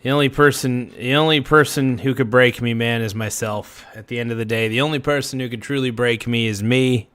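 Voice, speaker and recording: A man's voice: medium pitch, fairly even intonation, brisk, few pauses, fairly bright tone, smooth. A man hosting a casual late-night livestream, rambling and self-reflective, trailing off with fillers and restarts. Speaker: livestream host.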